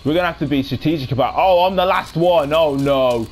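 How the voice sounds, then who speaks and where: Young male gamer, slightly high voice, chatty self-narrating commentary, faint music bed. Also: brisk. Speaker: gaming commentator. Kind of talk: live gameplay commentary.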